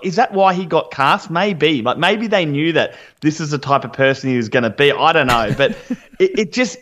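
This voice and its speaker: A man's voice: on the high side, fairly bright tone. An Australian man co-hosting a podcast, chatting enthusiastically about a reality show and often restarting his sentences. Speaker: podcast co-host. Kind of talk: casual reality-show recap chat.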